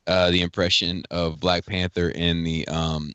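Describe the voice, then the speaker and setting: A very low-voiced man co-hosts a relaxed group podcast and reads out listener mail. He talks loosely and restarts his sentences. The sound is dry and close. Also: moderate pace, clear, resonant tone, dry recording, lo-fi sound. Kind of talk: casual group chat.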